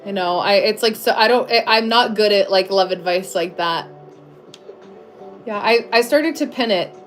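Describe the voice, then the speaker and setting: A woman's voice: mid-range voice, normal speed, fairly bright tone. Woman, 30s, casual livestream host, chatty, full of fillers, faint music under her. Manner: chatty, many fillers and restarts. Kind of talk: casual live chat answering viewers.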